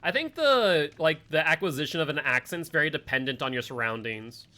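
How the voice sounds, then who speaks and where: A man streaming a game live, chatting casually with his friends and chat, full of "like" and quick asides. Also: fairly high pitch, animated, bright, forceful tone. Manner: chatty, filler-heavy, talks to chat and friends.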